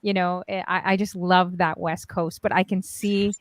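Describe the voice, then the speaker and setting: A woman's voice: fairly low pitch, flat delivery, moderate pace, dry recording. A woman hosting a casual group call on her stream, chatty and gushing, laughing often. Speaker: stream host and DJ.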